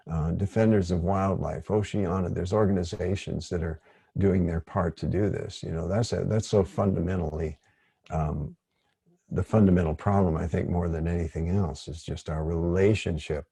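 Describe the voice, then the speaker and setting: A man leading an online workshop, speaking in a gentle, rambling, digressive way. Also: sits low, creaky, slightly rough, no room sound. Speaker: workshop facilitator.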